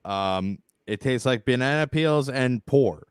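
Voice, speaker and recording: A man's voice: medium pitch, expressive, takes it slowly, clean tone, no room sound, studio quality. A man co-hosting a casual comedy podcast, joking crudely and sounding incredulous. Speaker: podcast co-host.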